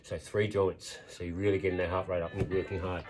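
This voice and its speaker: A man's voice: low voice, level tone, fast, music in the background, low-quality recording. A man in his fifties filming a workout vlog outdoors, counting reps and talking through his routine in a chatty, encouraging way. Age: 50s. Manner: chatty, encouraging coach talk. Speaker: fitness vlogger.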